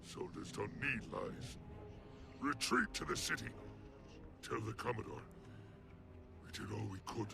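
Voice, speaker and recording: A gravelly dying soldier. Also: male voice, fairly low pitch, animated, unhurried, pauses often, exaggerated voice. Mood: grim. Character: dying male soldier, grim and stoic. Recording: faint, distant game dialogue with music.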